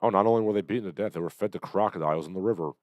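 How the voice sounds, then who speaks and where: A man hosting a livestream, commenting on the news in a sardonic, halting way with lots of fillers, still getting over an illness. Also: low voice, a little mellow, dry recording. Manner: sardonic, hesitant with many fillers. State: recovering from illness, coughing. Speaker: livestream host.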